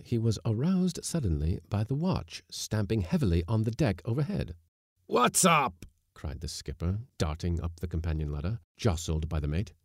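Low dark-voiced guy reading a sea story, lively ups and downs, super dry close sound. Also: no echo. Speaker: narrator.

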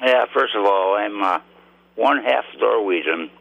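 A man's voice: fairly low pitch, expressive, unhurried, vocal fry, no room sound. A man calling in to a radio show, joking. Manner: mock-offended, joking. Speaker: caller. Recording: muffled phone line.

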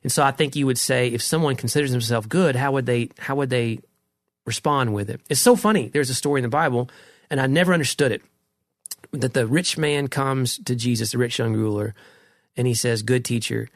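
A man's voice: medium pitch, brisk, no echo, clean studio sound. A middle-aged man in a casual conversation about faith, earnest and reflective, often restarting his sentences.

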